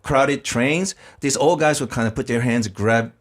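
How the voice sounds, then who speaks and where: A man's voice: medium pitch, measured pace. A man from Japan with a Japanese accent, a podcast co-host telling comic stories casually and laughing through them. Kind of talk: casual comedic storytelling.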